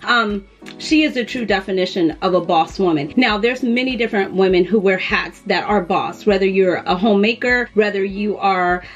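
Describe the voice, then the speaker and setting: A woman's voice: medium pitch, moderate pace, lo-fi sound, soft background music. A woman in her thirties from the United States chatting casually to camera as a fragrance vlogger, calling her viewers "you guys". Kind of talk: casual vlog talk to camera.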